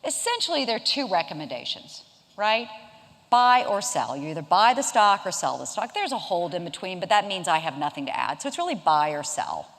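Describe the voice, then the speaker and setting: Lively woman telling stories in a reverberant hall. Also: on the low side, a little fast. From Charleston, South Carolina. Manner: lively, humorous, conversational. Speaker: keynote speaker. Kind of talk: storytelling keynote talk. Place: event hall. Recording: long reverb of a lecture hall.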